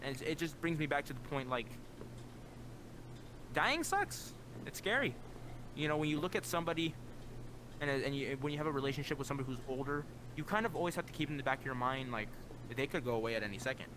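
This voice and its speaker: A young man talks in an earnest, rambling way, scattering "like" through his sentences. His pitch sits in an ordinary middle range but shoots up when he acts out his own past words. Clear background noise runs under the voice-chat recording. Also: racing. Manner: earnest, heavy use of "like" fillers, voice jumps up when quoting himself. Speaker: guest. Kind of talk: casual personal storytelling.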